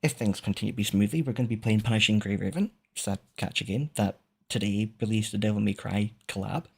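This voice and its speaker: A man's voice: fairly low pitch, fast talker, gravelly, darkish tone, slightly rough. A man with a Scottish accent, a VTuber streamer rambling casually to his chat, swearing and laughing often. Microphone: streaming microphone.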